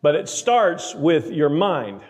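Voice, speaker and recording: A man preaching a sermon, emphatic, slowing down to read scripture aloud. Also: on the high side, big pitch swings, darkish tone, long reverb tail. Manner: emphatic, slows for scripture readings.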